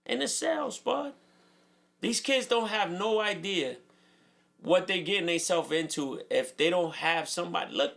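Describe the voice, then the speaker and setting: A New York man talks earnestly on a casual podcast in a high, bright voice with a gravelly edge. He leans on "bro" and repeats himself for emphasis. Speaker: co-host, father.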